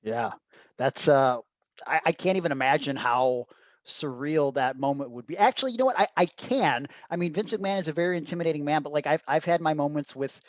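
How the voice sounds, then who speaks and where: Enthusiastic podcast host, dry close sound. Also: male voice, on the high side, brisk, dry recording. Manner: enthusiastic, profane, repeats words when starting a sentence. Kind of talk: casual podcast chat.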